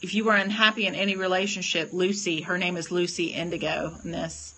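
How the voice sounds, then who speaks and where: A woman with a lowish but bright, forceful voice hosts a casual livestream card reading. She gushes effusively and keeps greeting her viewers by name. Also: little pitch movement, brisk, rough recording. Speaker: livestream host giving oracle card readings.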